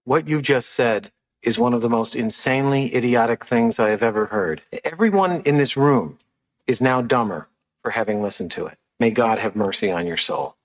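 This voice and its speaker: An actor playing a scornful middle-aged male school official, with a solemn, withering deadpan delivery in a film scene. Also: medium pitch, normal speed, close to an everyday voice.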